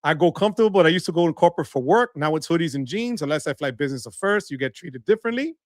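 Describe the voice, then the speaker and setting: High-voiced animated New man. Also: very fast, dry recording, studio quality. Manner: animated, playful, shouts catchphrases. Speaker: livestream host. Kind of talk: casual livestream chat reading viewer comments.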